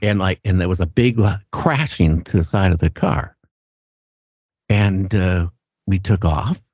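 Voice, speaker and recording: An older man telling his story in a halting, earnest way, often repeating words as he goes. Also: sits low, a little mellow, no echo. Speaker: guest recounting an encounter. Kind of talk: casual first-person storytelling. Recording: dull lo-fi sound.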